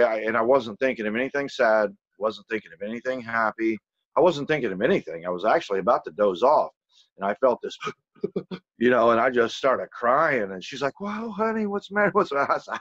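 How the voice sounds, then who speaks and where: A man's voice: mid-range voice, a bit bright, no room sound, highs cut off. A man casually telling a personal story, rambling and loose, swearing freely and saying "you know" constantly.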